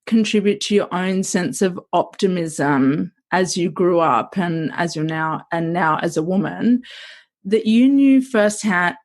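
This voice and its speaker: A woman's voice: fairly low pitch, measured pace. A woman podcast host asking a guest thoughtful, reflective questions in an encouraging way. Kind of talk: interviewing.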